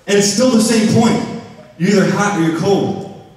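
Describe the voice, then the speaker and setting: American man, motivational speaker, animated storytelling, slightly high voice, booming echo, long reverb. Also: normal speed. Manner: animated and playful, acting out scenes. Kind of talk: storytelling talk to students. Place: school auditorium. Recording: echoey hall from far off.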